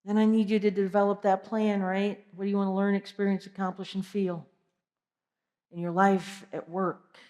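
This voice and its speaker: A woman giving an energetic motivational keynote, asking the audience direct questions. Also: mid-range voice, normal speed. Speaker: keynote speaker. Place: large conference hall. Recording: long hall reverb.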